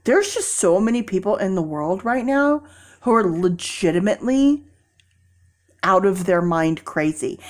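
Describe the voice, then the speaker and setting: A woman vlogging in a casual, animated storytelling way, acting out people in quoted voices and laughing often. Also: mid-range voice, unhurried.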